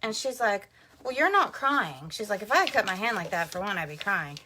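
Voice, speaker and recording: A woman's voice: medium pitch, expressive, quick pace, bright, forceful tone, a little hiss or hum. A woman, chatting casually to camera at home as a mother vlogging, laughing and full of "like". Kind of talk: casual vlog chat to camera. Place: at home, indoors.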